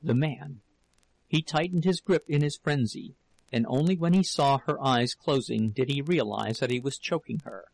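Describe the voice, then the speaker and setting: A man narrating a classic novel as an audiobook, in a measured, deliberate reading. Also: mid-range voice, vocal fry, no room sound, rough recording.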